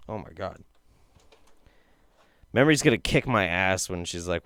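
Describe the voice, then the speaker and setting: A man's voice: deep voice, lively intonation, normal speed, pauses often, a bit bright, smooth. A man doing casual, profane, sarcastic live-stream commentary while reacting to a video.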